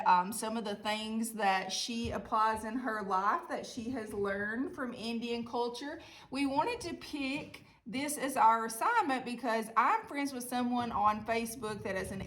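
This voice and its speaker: A woman with a Southern US accent teaching an online art lesson, giving friendly step-by-step directions. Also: fairly high pitch. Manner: friendly, chatty, step-by-step instructions.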